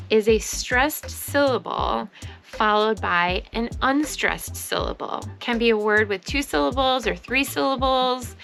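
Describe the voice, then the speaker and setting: A woman's voice: medium pitch, creaky, sharp tone. A woman hosting a casual vlog about thrifted finds she resold, talking with enthusiasm and frequent exclamations.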